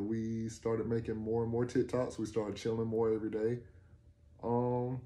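A man in his twenties casually telling a personal story to the camera, acting out quoted dialogue with rising excitement. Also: medium pitch. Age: 20s. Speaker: vlogger.

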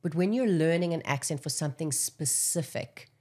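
A woman, an actress, speaks as an interview guest with a notably low voice for a woman. She is articulate and emphatic, stressing her points firmly and with animation. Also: normal speed, darkish tone. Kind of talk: casual interview chat.

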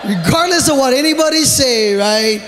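A man with a Hawaiian Pidgin-tinged accent doing loud, animated live stand-up in a large theatre. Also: very high-pitched, moderate pace, long reverb tail. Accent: Hawaiian Pidgin-tinged English. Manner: loud, animated, shouting punchlines. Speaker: stand-up comedian. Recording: live theatre recording with audience noise.

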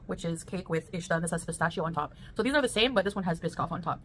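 A woman in a casual eating vlog, describing each dish in a chatty, relaxed way and pausing to taste between remarks. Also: fairly low pitch, slight background noise. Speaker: food vlogger.

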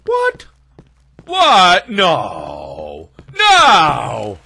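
A man narrating his way through a horror game, easily startled and quick to yell back at whatever is on screen. His fairly high, bright voice swings widely in pitch, dropping low and muttering before leaping into shouts. Faint game music plays behind him. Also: wildly swooping pitch, vocal fry, breathy edge. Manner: jumpy, shouts and yelps at scares, talks to the game. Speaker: let's play gamer. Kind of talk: horror gaming commentary.

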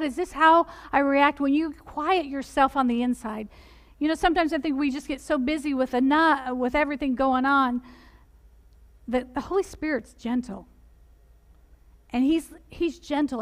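In a church sanctuary, a woman with a high-pitched voice preaches a sermon. She earnestly puts direct questions to her listeners and softens her tone for the gentler points.

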